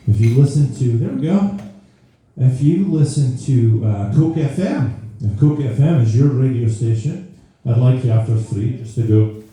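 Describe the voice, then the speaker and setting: A man's voice: mid-range voice, dark tone. A man performing a live stand-up routine, telling a rambling story that keeps interrupting itself. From Scotland. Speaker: stand-up comedian. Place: live comedy venue. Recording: roomy live venue, mic far off.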